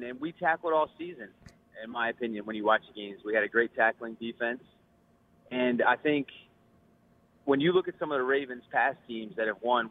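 A man calling a sports radio show with his thoughts, talking earnestly with a few fillers and restarts. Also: medium pitch. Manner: earnest, a bit halting, with fillers. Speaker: caller. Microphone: telephone. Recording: phone line.

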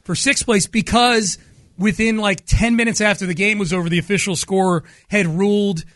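A man hosting a sports radio show, upbeat and storytelling, slowing down on key words. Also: high voice, steady tone, a bit bright, no room sound. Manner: upbeat, storytelling, slows for emphasis. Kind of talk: casual sports radio talk. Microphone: studio microphone.

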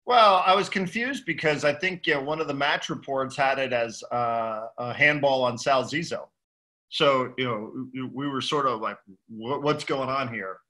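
Bright-voiced man talking soccer. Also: medium pitch, moderate pace. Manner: relaxed, conversational, swears casually. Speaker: podcast co-host. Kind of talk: casual sports chat.

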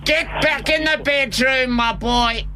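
A flirty, breathless fifty-something woman, as a man puts her on, talking slowly and sweetly. She sounds winded and suggestive, with a touch of noise behind her. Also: extremely high pitch, pushed and bright, full character voice. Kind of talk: prank call role-play.

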